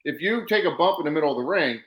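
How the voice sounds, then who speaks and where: A man talks shop in a casual, blunt way and swears freely. His voice is bright and a little high, and the room adds a clear echo around it. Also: expressive, rapid-fire. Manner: blunt and salty, explains wrestling moves. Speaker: podcast host, wrestler. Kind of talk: casual podcast chat. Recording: roomy echo.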